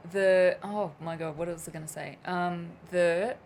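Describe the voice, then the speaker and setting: A woman's voice: on the low side, fairly even intonation, unhurried, a little mellow, slight background noise. A woman hosting a live flute lesson and Q&A, chatty and self-deprecating, laughing at herself as she loses her thread. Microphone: camera mic on a live stream.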